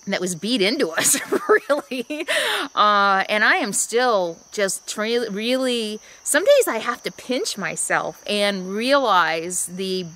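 At a trailhead outdoors, a woman records a casual vlog monologue about living in her RV, musing and rambling and often starting over. Her medium-pitched voice sounds bright and forceful, with a faint hiss or hum in the recording.

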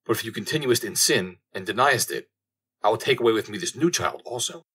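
A man's voice: lowish voice, expressive, fairly quick, fairly bright tone, breathy edge. A man reading as the Virgin Mary, solemn and archaic.

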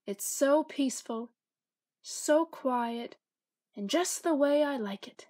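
A woman voicing a fussy male duck who guards his quiet pond, speaking in a firm, emphatic way during a picture book read-aloud. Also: high voice, takes it slowly. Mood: contented. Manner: loud, indignant and firm.

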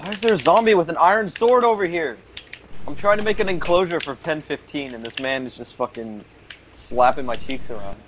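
A man's voice: fairly high pitch, a little fast. A young man in a gaming voice chat, wry and self-deprecating. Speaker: gamer. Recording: hissy voice chat mic.

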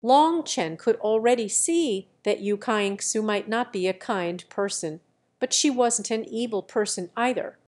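A woman's voice: mid-range voice, measured pace, darkish tone. Woman narrating a fantasy novel. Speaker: audiobook narrator.

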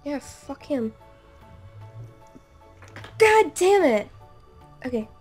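A young woman playing a game in a very high voice that leaps around. She squeals, swears and repeats herself over and over when frustrated. Soft music plays behind her. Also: very animated, extremely slow. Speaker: gamer. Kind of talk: casual gaming chat.

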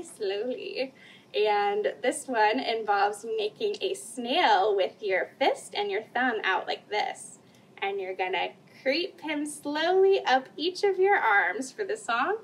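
High-voiced woman leading story time. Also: lively intonation, slow, husky, recorded from a distance. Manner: cheerful, laughs often, sings nursery songs. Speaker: children's librarian. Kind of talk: bilingual story time, reading and singing.

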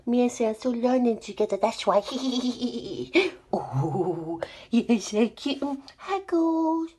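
A woman's voice: a little high, lively intonation, slow, warm tone, husky, heavily acted. A woman voicing a cheerful, curious little male toy friend in a children's alphabet sing-along, talking in a sing-song way and gasping with delight.

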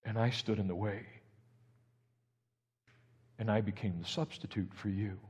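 A male pastor preaching a sermon, building from steady talk to loud, emphatic peaks. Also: on the low side, a little slow, slightly rough. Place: church sanctuary. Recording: reverberant church hall.

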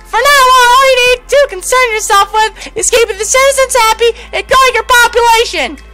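A man's voice: very high-pitched, moderate pace, over music, voice pushed up. A young man voicing a fussy, formal royal advisor in a video game. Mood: prim.

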